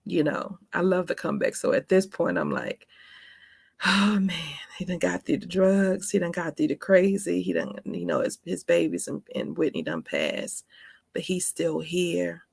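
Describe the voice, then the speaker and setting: A woman's voice: on the low side, lively intonation, normal speed, gravelly, husky, dry recording, studio quality. A woman in her forties telling a personal story in a casual vlog, chatty and emphatic, calling her viewers honey and baby. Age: 40s. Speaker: vlogger.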